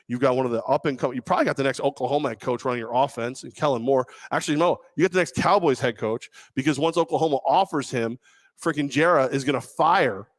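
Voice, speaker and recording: Male sports talk co-host, mid-pitched, rambling and jokey, dry studio sound. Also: dry recording. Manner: joking, rambling, quick to tease. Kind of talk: casual sports talk banter. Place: radio studio. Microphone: headset.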